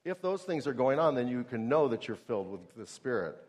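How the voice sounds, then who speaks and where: A man's voice: mid-range voice, sing-song, a little fast, a little mellow. A middle-aged man preaching a sermon in a conversational way, asking the audience questions and acting out everyday scenes.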